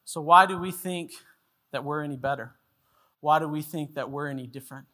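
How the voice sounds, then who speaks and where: Bright-voiced male pastor preaching. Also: fairly high pitch, brisk. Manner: storytelling, acts out voices in anecdotes. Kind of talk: sermon.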